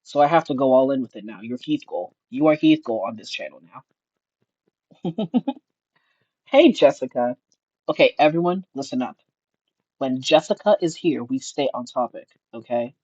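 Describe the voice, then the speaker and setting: A streamer giving casual reaction commentary, mocking and animated, laughing often and shrieking at times. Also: mid-range voice, normal speed, long pauses, husky, no room sound, dull audio.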